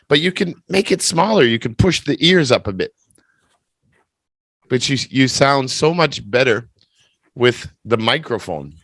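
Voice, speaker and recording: A man teaching English on a video call in a teasing, chatty manner. His voice sits at a middle pitch and sounds dry and close, with no room around it. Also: a bit bright, no echo. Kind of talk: online speaking test over video call.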